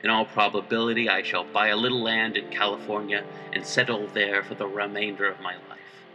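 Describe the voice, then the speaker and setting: A man voicing a stern, grim older doctor who speaks in loud, commanding declarations. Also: on the low side, level tone, a little fast, far from the mic, muffled recording, music in the background, lightly acted. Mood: somber.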